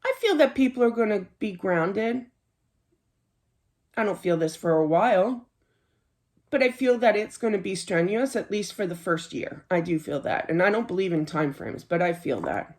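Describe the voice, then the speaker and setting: A woman's voice: medium pitch, animated, normal speed, darkish tone. A middle-aged woman giving a casual tarot reading in a chatty, earnest way, laughing easily and often saying "you know.". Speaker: tarot card reader.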